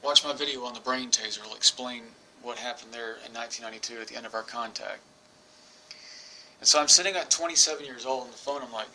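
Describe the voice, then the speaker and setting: Man in his 40s telling his own story, bright sharp voice, lots of restarts, faint hiss behind. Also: medium pitch, poor audio. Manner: rambling, halting with restarts. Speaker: vlogger. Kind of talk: personal storytelling to camera. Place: England.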